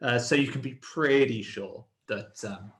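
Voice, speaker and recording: A man's voice: medium pitch, fairly bright tone. Man narrating a game in a roomy echo. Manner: measured, descriptive narration. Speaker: game master.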